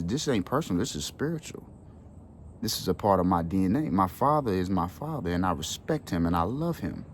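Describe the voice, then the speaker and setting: A man's voice: fairly low pitch, a little hiss or hum. A man with children telling an emotional personal story in a casual, earnest way, sprinkled with street slang. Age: adult with children. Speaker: wellness channel host.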